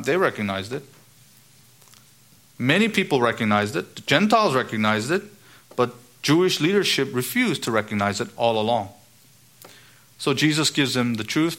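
A man preaching a sermon, emphatic, quoting the scriptures, rising for stress and dropping low on key words. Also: lively intonation, normal speed, a bit bright. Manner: quotes the scriptures.

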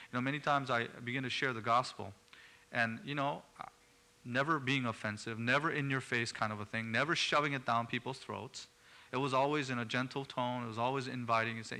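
Gravelly, bright-toned male preacher. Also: medium pitch, steady tone, a little fast. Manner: earnest, rising to emphatic bursts. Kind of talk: sermon.

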